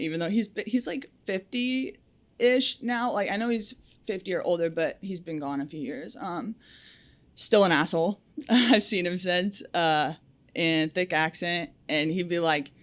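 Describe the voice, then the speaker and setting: Speaking at a measured pace in a lowish voice, the guest is a young adult woman lineman who works on powerlines. She's candid and outspoken in a relaxed podcast interview, often using filler words.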